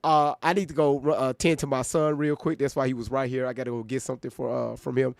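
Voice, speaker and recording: A man's voice: medium pitch, little pitch movement, fast talker, vocal fry, dry recording, studio quality. A man hosting a reaction livestream, talking bluntly and with profanity straight to his viewers in casual chat.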